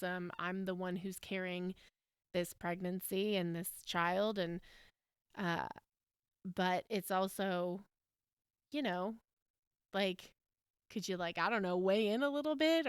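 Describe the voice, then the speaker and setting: An American woman in her thirties hosts a podcast, sharing a personal story candidly and emotionally, rambling with frequent fillers and laughter. Her medium-pitched voice moves at a measured pace, and the studio-quality recording is clean with no room sound.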